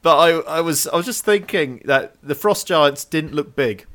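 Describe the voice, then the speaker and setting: A man's voice: fairly high pitch, fairly bright tone. A man co-hosting a podcast, chatting easily about a film and laughing often. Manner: easygoing, quick to laugh. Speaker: podcast co-host. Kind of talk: casual film chat.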